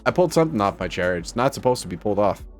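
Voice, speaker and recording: A man chatting casually on a home live stream, rambling and excitable as he jumps from topic to topic. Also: fairly low pitch, racing, soft background music. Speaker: VTuber streamer.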